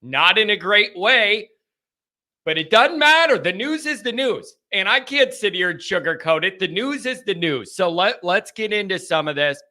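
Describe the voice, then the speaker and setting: A man's voice: sits high, very animated, normal speed, pushed and bright. A man hosting a live sports call-in stream, talking casually in an emphatic, rambling way and repeating himself. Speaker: sports call-in show host.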